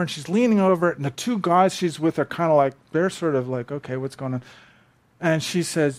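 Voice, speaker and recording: A man's voice: a little high, moderate pace. A man preaching a sermon, telling stories conversationally and acting out quotes with animation. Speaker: pastor. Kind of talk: sermon with storytelling.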